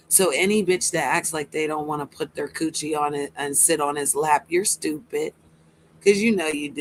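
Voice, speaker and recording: A woman's voice: low-pitched, a little hiss or hum, rough recording. A woman doing livestream commentary, taunting and mocking a rival with sarcasm and swearing. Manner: talks to a rival by name.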